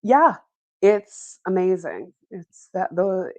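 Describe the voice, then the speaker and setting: A woman co-hosts in easy conversation, listening closely and jumping in with her own stories. Her voice sits a little low, and the sound is dry and close. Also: expressive, slow, warm tone, no room sound. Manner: engaged, responsive listener. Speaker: podcast co-host. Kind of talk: casual chat.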